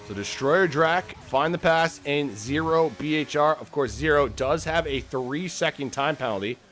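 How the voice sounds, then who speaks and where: A man's voice: on the high side, normal speed, fairly bright tone. Joking, foul-mouthed male race commentator. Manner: casual, joking, swears freely. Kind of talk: live sim racing commentary.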